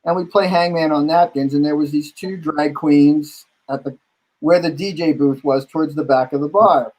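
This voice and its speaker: A man with a slightly higher voice spins lively nightlife anecdotes in a relaxed conversation. He keeps the chat casual and acts out the lines of the people in his stories as he goes. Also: moderate pace, rough recording. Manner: animated anecdote-telling, acting out quotes. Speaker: bar owner and guest host.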